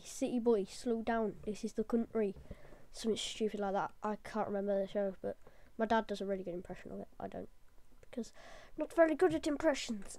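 A woman giving chatty, jokey let's play commentary, easily excited. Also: mid-range voice. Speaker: gamer.

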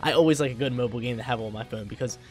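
A young man, a college student, giving live gameplay commentary in a slangy, excitable way that bursts into loud hype. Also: medium pitch, rapid-fire. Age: young adult. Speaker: gaming video creator.

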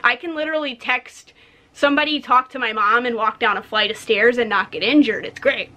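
Bright high-voiced young woman ranting. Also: brisk. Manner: blunt, profane, animated storytelling. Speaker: podcast co-host. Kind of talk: casual rant.

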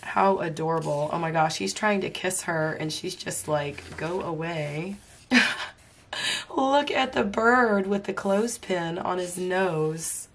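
A woman's voice: on the low side, measured pace. A woman host giving a casual book flip-through, laughing often and exclaiming in amusement, her voice strained because talking hurts while she is unwell. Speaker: coloring book reviewer.

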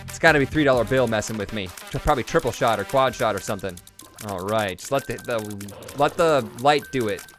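A young man commenting on his own game run, excitable, swinging from quick mumbles to loud whoops and swearing freely. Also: medium pitch. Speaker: gaming YouTuber. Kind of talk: Let's Play commentary. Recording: game music playing behind.

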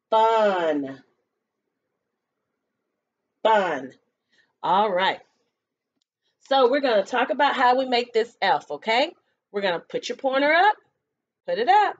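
A woman teaching a remote preschool lesson, using sing-song call-and-response prompts and slow counting, recorded on a laptop webcam at home. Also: a little high. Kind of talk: remote lesson for young children. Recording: dull lo-fi webcam audio.

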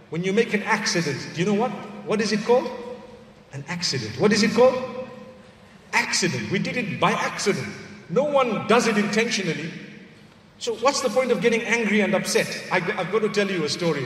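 A man giving a sermon, telling a personal story in a lively way and dropping low for asides. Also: slight background noise. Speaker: preacher. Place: large hall. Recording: echoey hall recorded from far off.

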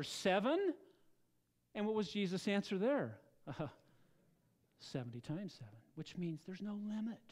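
A man's voice: sits high, darkish tone. A man preaching a sermon as pastor, earnest and direct, often putting rhetorical questions to his congregation. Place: church.

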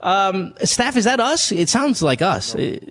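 A man's voice: high voice, sing-song, a little slow, a bit bright. A man hosting a radio advice show, joking and teasing his callers and staff. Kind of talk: casual advice chat with callers.

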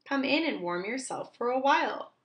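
A woman's voice: high-pitched, expressive, normal speed, muffled recording, voice pushed up. A woman voicing a fussy, easily startled male owl from a children's picture book, with an earnest storybook manner. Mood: kindly.

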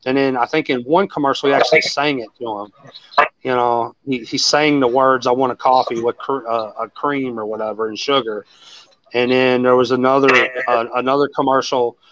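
A man's voice: mid-range voice, normal speed, no echo, dull audio. A man chatting casually as a host, rambling and swearing as he tells stories. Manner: rambling, profane, animated storytelling. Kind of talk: casual chat.

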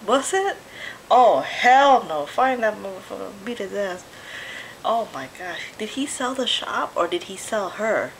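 A woman's voice: medium pitch, big pitch swings, moderate pace, vocal fry, fairly bright tone, a little hiss or hum, rough recording. A woman vlogger giving casual reaction commentary, blunt and swearing freely as she talks back at the screen. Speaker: vlogger reacting to a music video.

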